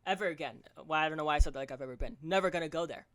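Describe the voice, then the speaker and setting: A man's voice: on the high side, a bit bright. Young man ranting profanely with stammers. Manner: fast, profane ranting with frequent stammers and restarts. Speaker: podcast host. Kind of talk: solo ranting podcast.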